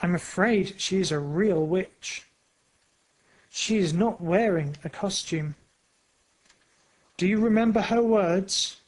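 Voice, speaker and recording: A storyteller reading a graded storybook aloud for learners. Every word is set out very slowly and clearly. The voice sits at a middle pitch. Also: rough recording. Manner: very slow, clear, carefully paced reading. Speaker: story narrator.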